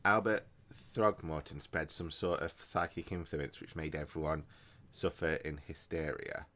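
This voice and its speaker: Groggy deep-voiced man rambling over gameplay. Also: normal speed, sharp tone, slight background noise. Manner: rambling, hesitant, thinking aloud. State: groggy after a nap, hiccups and burps. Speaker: gaming YouTuber. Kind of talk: casual let's-play commentary. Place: at home, recording without a camera.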